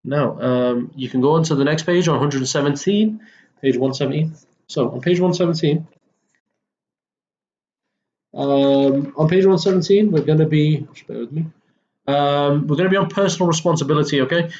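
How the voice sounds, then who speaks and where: A man's voice: a little high, normal speed, a little mellow, dull audio, slight background noise. Casual man teaching an English lesson. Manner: casual, with frequent fillers and self-corrections. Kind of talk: recorded textbook lesson walkthrough.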